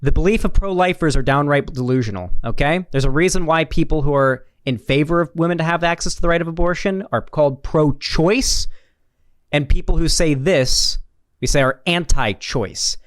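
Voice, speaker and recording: A man's voice: on the high side, normal speed, no room sound, clean studio sound. Sarcastic young man reacting to a clip. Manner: sarcastic, rambling with restarts. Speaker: political commentary host. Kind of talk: reaction commentary.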